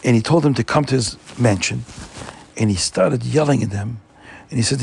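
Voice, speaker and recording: A man retells a story with animated, emphatic delivery and a gravelly, husky voice. The recording is dry and close, with no room sound. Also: medium pitch, normal speed, dry recording. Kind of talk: oral storytelling.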